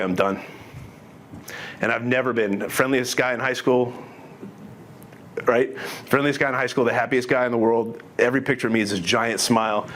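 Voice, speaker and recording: A middle-aged man with a mid-range, fairly bright voice gives his testimony to an audience over slight background noise. He speaks earnestly and conversationally, restarting sentences often and quoting dialogue.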